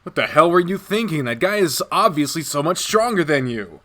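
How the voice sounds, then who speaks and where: A man's voice: on the high side, sing-song, fairly quick, bright, forceful tone, pitched above the performer's own voice. A man playing a stern, furious young man. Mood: angry. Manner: stern, threatening.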